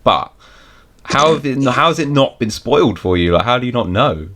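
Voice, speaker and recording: A man's voice: medium pitch, expressive, moderate pace, fairly bright tone. A British man hosting a casual podcast, teasing his guest and joking a lot. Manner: teasing, joking, laughs often. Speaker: podcast host.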